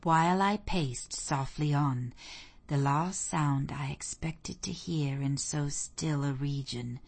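A woman reading a classic novel aloud in a measured, expressive storytelling manner. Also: low-pitched, gravelly, slightly rough. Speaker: audiobook narrator. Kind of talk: scripted narration of a classic novel.

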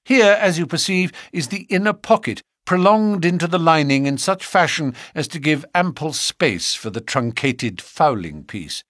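A man voicing a brilliant gentleman detective who explains things gravely and precisely. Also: a little high, animated, normal speed, few pauses, dry recording, clean studio sound, voice pushed up.

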